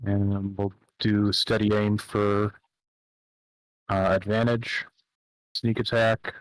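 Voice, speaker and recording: A man with a somewhat low voice plays a tabletop game, reasoning out loud about his next move. His speech is casual. The recording is dry, with no room sound. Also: little pitch movement, takes it slowly, no room sound, rough recording. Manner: thinks aloud, weighing options. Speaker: player.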